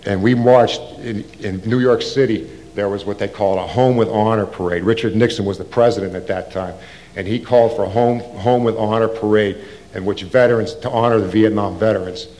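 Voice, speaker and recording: Older man telling his story in a low voice. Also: steady tone, brisk, a little mellow. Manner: rambling, casual, with frequent restarts and slang. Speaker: Vietnam veteran recounting his service. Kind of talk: oral history storytelling.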